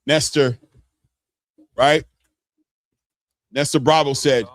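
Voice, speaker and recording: A man hosting a casual boxing livestream, talking in an excitable, slangy way and hollering often. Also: medium pitch, normal speed. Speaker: boxing commentary host. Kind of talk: casual livestream fight commentary.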